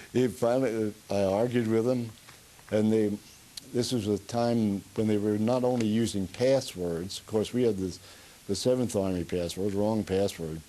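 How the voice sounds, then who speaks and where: A man's voice: lowish voice, a little slow, mellow, rough recording. An older man in an oral history interview, a rambling storyteller who chuckles as he goes, with a Pennsylvania Dutch accent. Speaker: veteran being interviewed.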